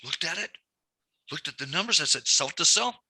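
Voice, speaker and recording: A banking instructor teaches a lending class, repeating key points and recalling stories from his banking days. His voice is a little high, expressive, pushed and bright with a breathy edge, and he talks briskly. There's no room sound in the recording.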